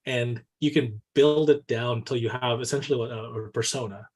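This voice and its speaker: A co-host on a relaxed, casual business podcast speaks in a medium-pitched, slightly husky male voice. His delivery is animated and coach-like; he says "right?" constantly and jumps into quickly acted-out quoted exchanges to drive his points home.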